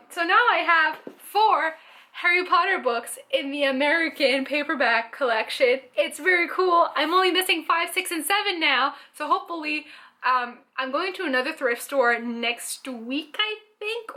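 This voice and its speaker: A woman's voice: high-pitched, expressive, normal speed, bright, forceful tone. A young Canadian woman chatting enthusiastically about her book haul in a casual vlog, with lots of fillers. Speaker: book vlogger.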